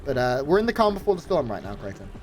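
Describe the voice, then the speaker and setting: A man doing brisk, easygoing play-by-play commentary on a live esports match. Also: mid-range voice, big pitch swings, soft background music.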